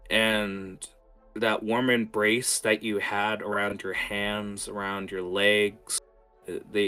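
Low-voiced game master, bright tone. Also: male voice. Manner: quick, hesitant narration with many fillers. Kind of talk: narrating a tabletop game.

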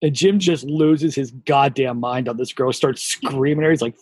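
A man's voice: on the high side, lively intonation, normal speed, slightly rough, no room sound. A man co-hosting a podcast, telling crude, laughing anecdotes in casual chat. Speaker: podcast co-host.

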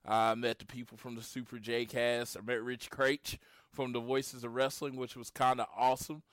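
A man in his late thirties from Oklahoma co-hosts a podcast casually, retelling his encounters with lively storytelling at a moderate pace. His voice is mid-pitched, dry and clean in tone. He's close to the mic, with no room sound or echo.

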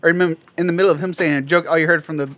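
A young man in casual, profane chat, telling animated stories to friends. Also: on the high side, racing, no echo. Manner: profane storytelling, animated impressions.

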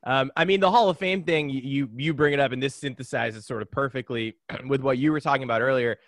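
A man's voice: mid-range voice, quick pace, no echo. A man co-hosting a casual sports podcast, talking in an opinionated, conversational way. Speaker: podcast co-host.

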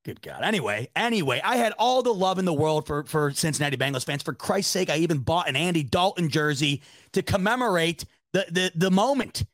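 A young man from the Rochester, New York area hosts a casual sports chat, reading the live chat as he goes. He rambles, stumbles over his words and swears without a second thought, in a slightly high voice. The room is dead dry, with no echo at all. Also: lively intonation, fairly quick, fairly bright tone. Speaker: sports podcast host.

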